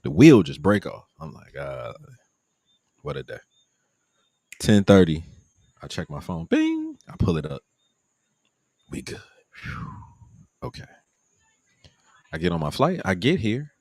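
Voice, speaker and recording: Deep-voiced man with a gravelly edge, chatty vlogger telling a story, swings his pitch a lot, dry close sound. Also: a little slow, long pauses, no room sound. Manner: animated, acts out quoted people in a higher voice. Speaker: vlogger live-streaming his trip. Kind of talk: casual storytelling.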